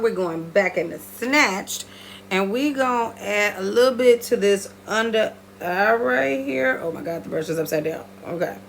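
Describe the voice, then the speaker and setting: A woman walks her viewers through a makeup routine in a playful, chatty way, with a bright, forceful tone. She breaks into high squeals now and then. A faint hum sits under her voice. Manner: lively, playful, talks straight to viewers. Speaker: beauty vlogger.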